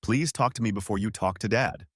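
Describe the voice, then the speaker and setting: A man's voice: lowish voice, fairly quick, breathy edge, no room sound, studio quality. A man voicing a guilty wife and mother who leaves anxious, pleading voicemails. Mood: sobbing.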